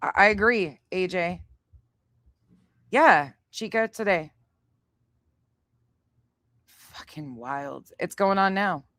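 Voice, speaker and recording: A woman's voice: medium pitch, measured pace, long pauses, fairly bright tone, no echo. A woman streamer vents into her mic, furious and exasperated. She swears constantly as she rants about what she's seen. The sound is dry and close, and her voice sits in a middle register. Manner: heavy swearing, exasperated ranting. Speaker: streamer reacting to clips. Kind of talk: angry live-stream rant.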